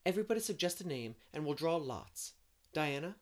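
A man's voice: on the high side, expressive, fairly quick, voice pushed up, close to an everyday voice. A man reading aloud and voicing Anne, an imaginative, eager young girl who talks in a rush of romantic fancy.

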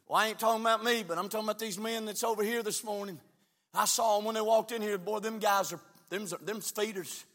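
A middle-aged man preaching a fiery, folksy Baptist sermon from the pulpit, often shouting and drawing words out for emphasis. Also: sits high, steady tone, fairly quick. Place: church sanctuary. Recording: long church hall reverb.

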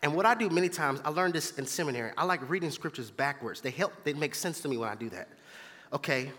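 A man's voice: fairly high pitch, lively intonation, fast talker, bright, forceful tone, long reverb tail. A man preaching a sermon as pastor in a church, emphatic and repetitive, calling out to the congregation. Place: church sanctuary.

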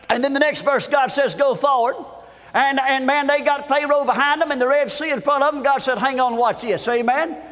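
A man preaching a fervent revival sermon, often shouting and stretching words. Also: very high-pitched. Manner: fervent, shouting, drawn-out pauses. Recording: long hall reverb.

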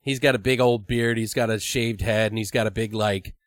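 A man talks through ideas in a loose, rambling way, swearing and laughing as he goes. His pitch sits in the middle range for a man. The recording is dry and close, with no room sound. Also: steady tone, a little fast, no echo. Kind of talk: casual brainstorming chat.

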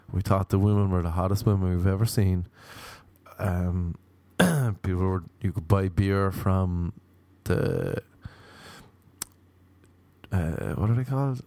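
A man's voice: deep voice, warm tone, dry recording. An Irish man telling rambling, profane comic stories in a wry, offhand way. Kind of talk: casual comedic monologue.

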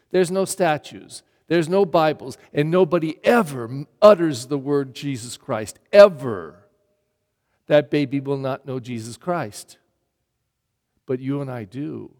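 During Mass, a middle-aged pastor preaches bluntly and forcefully, asking rhetorical question after question. His voice is slightly high with a darkish tone, and the church adds a long reverb.

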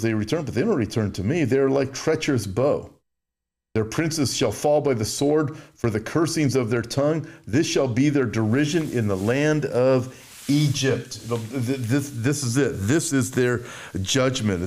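A man's voice: moderate pace, a little mellow. Emphatic male preacher, mocking asides. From United States. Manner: mimics complainers in a whiny high voice. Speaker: show host. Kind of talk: sermon with Bible reading.

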